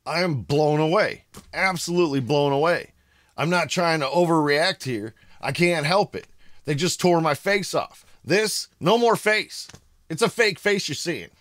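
Excitable American man reacting, bright voice. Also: on the high side, unhurried, no room sound. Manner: excitable, shouts in amazement. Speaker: reaction video host. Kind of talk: casual reaction commentary. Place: home room.

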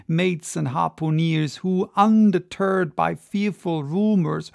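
An audiobook reader narrating a classic sea story with measured, dramatic storytelling. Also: medium pitch, gravelly, no room sound, studio quality. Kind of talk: audiobook reading.

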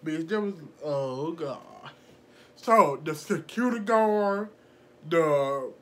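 A young woman telling a casual storytime vlog, animated and profane, laughing often and acting out the people in her story. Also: low-pitched, slow pace. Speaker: vlogger.

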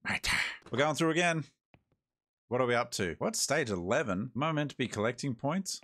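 A man's voice: medium pitch, expressive, moderate pace, a bit bright, no echo. An Australian man giving laid-back, joking commentary while playing a horror game, talking to himself as he goes. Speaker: gaming host. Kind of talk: let's-play commentary.

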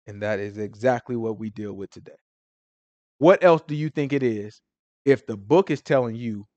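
A man teaching scripture in an informal, emphatic sermon style, swinging from loud declarations to hushed asides. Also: medium pitch, expressive, normal speed, no room sound. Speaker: Bible teacher.

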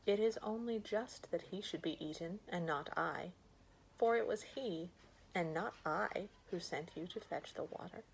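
A woman voicing a clever young boy in a fairy tale, calm and matter-of-fact. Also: fairly low pitch, measured pace, creaky, a little hiss or hum, low-quality recording.

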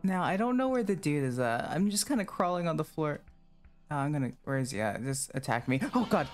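A man's voice: on the high side, animated, a little fast, faint music behind. A man streaming a horror game, chatting in a rambling, self-mocking way and breaking into screams and laughter when scared. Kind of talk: live game commentary.

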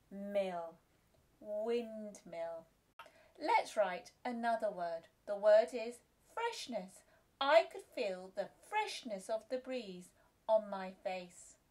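A woman teaching phonics to small children, speaking very slowly and deliberately. She sounds out each letter and syllable with clear, patient emphasis at a mid pitch. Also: expressive, a little mellow. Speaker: reception class teacher. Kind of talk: phonics lesson for young children.

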